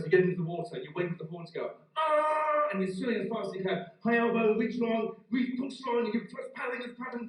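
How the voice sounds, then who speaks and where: A middle-aged man speaks as a motivational speaker at a graduation. His high voice tells a lively personal story and then gives earnest advice. He sounds set back from the mic, in a big, strongly echoing hall. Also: distant mic. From Britain. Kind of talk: keynote speech at a graduation.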